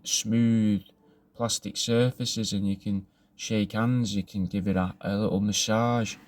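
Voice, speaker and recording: A man, rambling through a deadpan sales pitch for his taxidermy art, slangy and swearing, saying "mate" a lot. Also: a little hiss or hum. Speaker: taxidermy artist showing his work.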